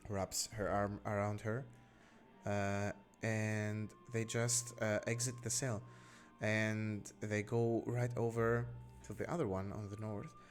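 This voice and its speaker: Slow, halting male game master. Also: fairly low pitch, level tone, faint music behind. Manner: unhurried, halting with many fillers. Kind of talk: narrating a tabletop game.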